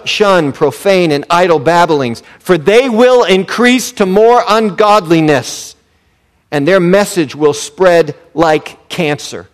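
A man preaching a sermon, asking rhetorical questions and leaning hard on key words. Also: on the high side. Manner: preaching with emphatic rises and slow deliberate stresses; asks the congregation rhetorical questions. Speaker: pastor.

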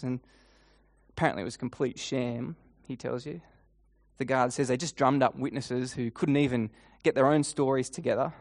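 A man preaching a sermon as a guided imaginative story in the second person, swinging between loud and hushed lines and repeating a refrain. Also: a little high. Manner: repeats refrain, halting restarts.

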